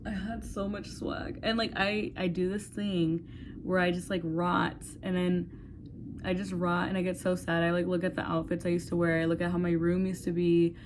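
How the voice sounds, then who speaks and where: A woman's voice: lowish voice, little pitch movement, moderate pace, background noise. A woman in her twenties talking candidly to her phone in a rambling, casual vlog, swearing freely and saying "like" often. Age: 20s. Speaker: vlogger. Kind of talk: casual talk to camera.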